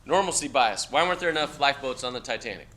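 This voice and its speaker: A man's voice: mid-range voice, animated, very fast, pushed and bright. A middle-aged man giving a casual classroom lecture, talking to students in a blunt, conversational way and tagging lines with "okay?". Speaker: university lecturer.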